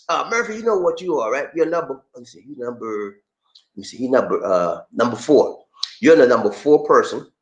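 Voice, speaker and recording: A man hosting a casual livestream, playful and animated, greeting viewers by name and laughing often. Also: fairly high pitch. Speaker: livestream host. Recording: echoey room.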